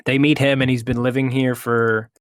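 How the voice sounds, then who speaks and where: A man's voice: mid-range voice, level tone, moderate pace, no room sound. Male co-host, casual movie talk, hesitant retelling, dry sound. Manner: retells plot with hesitations and restarts. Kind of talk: casual chat.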